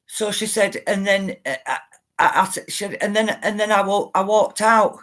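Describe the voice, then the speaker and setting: A woman's voice: medium pitch, normal speed, a bit bright. A middle-aged woman, earnestly telling viewers an emotional story and insisting that it is true. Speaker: spiritual livestreamer.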